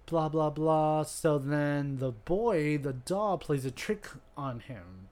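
Male podcast co-host, a bit higher voice, animated casual storyteller. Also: slow. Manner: animated storyteller, laughs easily. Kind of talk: casual movie recap chat. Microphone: podcast microphone.

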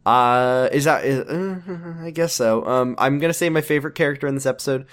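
A man co-hosting a podcast in casual chat, animated, laughing often and swearing. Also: mid-range voice, fairly quick. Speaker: podcast co-host.

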